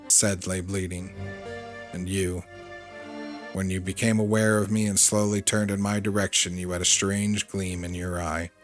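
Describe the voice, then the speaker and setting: A man with a very low voice reads a game's story text aloud for his playthrough. His delivery stays level and earnest, with the odd stumbled word and a brief aside, while faint music plays underneath. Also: flat delivery, a little slow. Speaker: let's play host.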